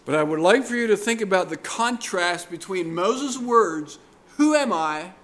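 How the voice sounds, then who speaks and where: A man preaching a sermon in a deliberate, earnest way, pressing hard on key words. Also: high-pitched, lively intonation, fairly bright tone.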